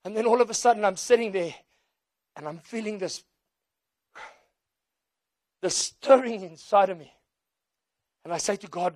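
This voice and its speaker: Preaching a sermon, a native Afrikaans speaker with a South African accent tells stories with animation, acting out voices and slipping in Afrikaans phrases. His voice sits high, and he speaks unhurriedly with long pauses. It's a studio-quality recording without echo.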